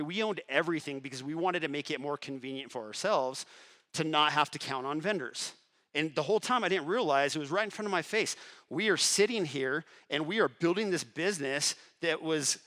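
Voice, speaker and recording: A middle-aged man speaking to a crowd at a networking event, telling his story with energy. He acts out the other voices in his story, drops to a hush and then climbs back up. His pitch sits in an ordinary middle range. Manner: animated storyteller acting out dialogue, swings between hushed and loud. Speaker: entrepreneur giving a motivational talk. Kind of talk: motivational storytelling speech. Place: event hall before an audience.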